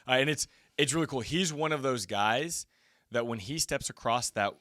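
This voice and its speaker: A middle-aged male coach co-hosts a casual stat show, eagerly shouting out his players. His voice is bright and forceful. The recording is close and dry. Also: medium pitch, dry recording. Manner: enthusiastic, hyping players, quick asides. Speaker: football coach and co-host. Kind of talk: casual sports chat.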